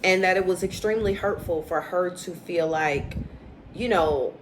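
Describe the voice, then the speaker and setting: Woman, casual recap chat, lower pitch, animated quoting, light background noise. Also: moderate pace, rough recording. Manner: chatty and opinionated, acts out quotes with animated inflection. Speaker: reality TV recap host.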